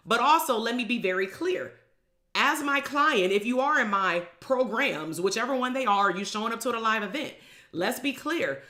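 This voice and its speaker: A woman coaches bluntly on a live stream and swears freely. Her voice sits on the higher side and sounds bright and forceful. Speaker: business coach.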